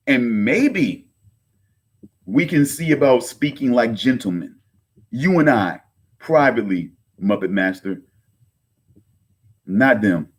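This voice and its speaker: A man in his thirties delivering a heated rant straight to his viewers. He swears, repeats himself and keeps calling them "folks". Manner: agitated, swearing, repeats himself, pitch swings high when angry. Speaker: online content creator. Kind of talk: heated direct-to-camera rant.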